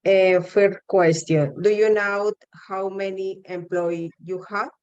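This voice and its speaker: Slow halting woman student. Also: medium pitch, fairly even intonation, a little mellow, smooth, no room sound, muffled recording.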